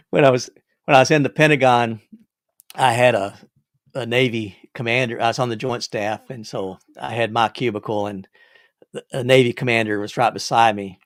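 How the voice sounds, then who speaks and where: A man's voice: mid-range voice, steady tone, normal speed, long pauses, no room sound, clean studio sound. An older man hosting a livestream, telling rambling stories with repeated words and chuckles. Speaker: livestream host. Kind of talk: casual storytelling.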